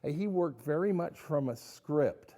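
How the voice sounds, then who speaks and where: A man speaking in a casual interview, halting and restarting as he thinks. His voice is mellow and warm. He talks at an easy conversational pace. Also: a little high, lively intonation. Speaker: guest.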